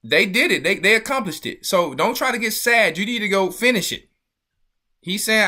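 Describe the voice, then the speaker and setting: A man hosting an online show, giving casual, animated commentary on video clips with laughing, preacher-like asides. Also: high voice, normal speed.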